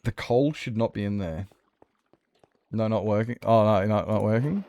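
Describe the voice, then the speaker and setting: A man's voice: on the low side, moderate pace, mellow, no echo. Rambling man streamer chatting. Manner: rambling, answers chat, trailing restarts. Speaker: game streamer. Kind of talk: casual chat while gaming.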